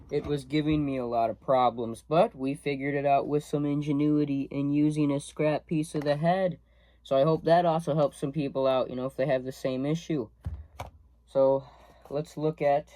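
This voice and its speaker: A man's voice: on the high side, a little mellow. Young man talking through a workshop job. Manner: talks through each step while working. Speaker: student demonstrating a workshop task. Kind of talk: casual hands-on demonstration.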